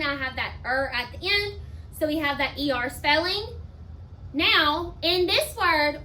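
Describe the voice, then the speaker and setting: A woman with a high, bright voice leads a spelling lesson as a teacher. She talks slowly and with emphasis, breaking words into their sounds one at a time. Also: a little hiss or hum. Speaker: elementary school teacher.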